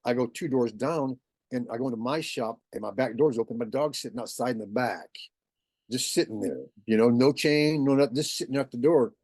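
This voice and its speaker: A man's voice: mid-range voice, brisk, dry recording, clean studio sound. A man, a guest, telling a story in a casual way and acting out the voices he quotes. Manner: animated, acts out quoted voices.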